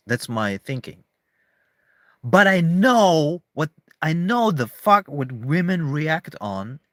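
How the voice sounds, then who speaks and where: A man's voice: mid-range voice, fairly bright tone, dry recording. A man in a casual, rambling monologue to camera, emphatic, swearing often and restarting his sentences. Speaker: vlogger.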